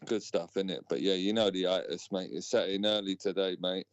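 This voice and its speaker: Relaxed co-host in his thirties, smooth low voice, dull dry mic. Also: no room sound. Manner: laid-back, drawn-out fillers and "mate". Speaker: co-host of a live stream. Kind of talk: casual chat. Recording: dull, dry home recording.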